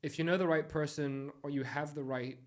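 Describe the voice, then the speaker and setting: A man's voice: a little high, steady tone, brisk. A young man co-hosting a podcast, trading dry teasing jokes in casual banter. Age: young adult. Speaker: podcast co-host.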